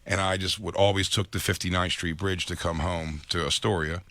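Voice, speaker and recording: A low-voiced man with a bright, forceful edge chats loosely on a comedy talk show, packing his stories with "like" and other fillers. He is from New Jersey and tells his memories in an easygoing way. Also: steady tone, fairly quick. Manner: laid-back, filler-heavy, lots of "like". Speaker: co-host. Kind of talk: casual comedic chat.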